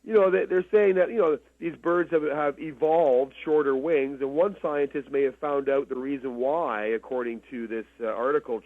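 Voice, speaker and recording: A man from Canada, co-hosting a radio talk show in a casual but deliberate way, slowing down to stress his points. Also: fairly high pitch, dry recording. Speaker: radio co-host. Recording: tinny phone line.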